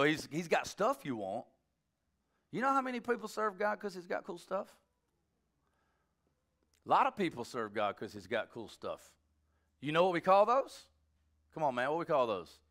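Bright-voiced joking preacher man. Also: fairly high pitch, a little slow, long pauses. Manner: animated, joking, conversational preaching. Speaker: pastor. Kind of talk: sermon.

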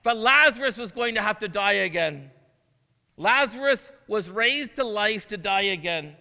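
This time his high, animated voice comes out creaky and sharp at a measured pace, ringing with long church-hall reverb in the sanctuary. The interim pastor reads scripture, and his sincere asides build into emphatic proclamation.

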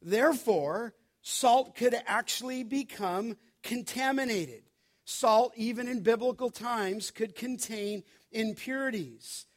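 Man, pastor, sermon, high-pitched, unhurried delivery. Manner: preaching, rising to emphatic peaks.

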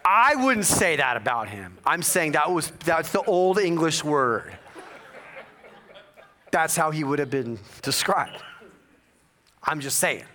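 A male pastor preaching a sermon, telling a personal story with humor and bursts of loud excitement. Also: fairly high pitch, takes it slowly, pauses often, a little hiss or hum. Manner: animated storytelling with jokes and sudden loud bursts.

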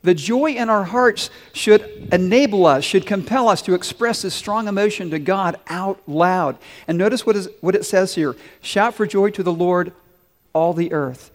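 A man's voice: high voice, normal speed. A man preaching a sermon as pastor, earnest and leading his congregation in call-and-response. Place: large church sanctuary. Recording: long hall reverb.

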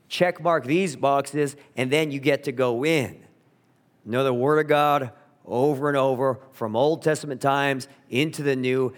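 A man preaching a sermon as a pastor, earnest and emphatic, slowing down to stress key words. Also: medium pitch. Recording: long reverb of a large hall.

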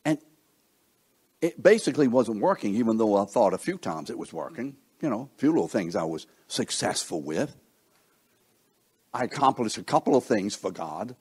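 A man's voice: on the low side, sing-song, moderate pace, a little mellow, husky. A man preaching a sermon in a conversational way, often asking his listeners questions and acting out what people think. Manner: conversational, asks the listeners questions, acts out quoted thoughts.

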